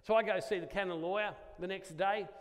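An Australian man giving a Catholic talk to a live audience, animated and self-deprecating, acting out the dialogue in his story. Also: high voice, a little fast. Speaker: Catholic speaker at a church gathering. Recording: long reverb of a large hall.

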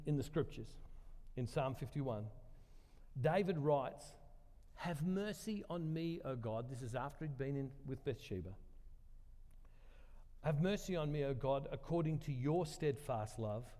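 An older man with a mellow, medium-pitched voice delivers a sermon in a large hall. His manner is chatty, and he poses questions to the congregation while poking fun at himself.

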